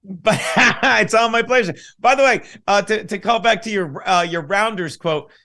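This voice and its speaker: A man co-hosting a morning talk show, chatting casually, excitable and quick to laugh. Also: sits high. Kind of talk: casual comedic chat.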